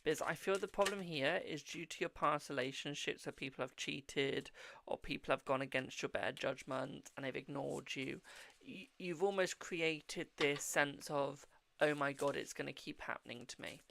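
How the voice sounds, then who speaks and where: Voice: medium pitch, steady tone, normal speed, vocal fry, fairly bright tone. A tired, yawning tarot reader with a British accent, hosting a live-stream reading in a blunt but reassuring way, often saying "okay, my darling".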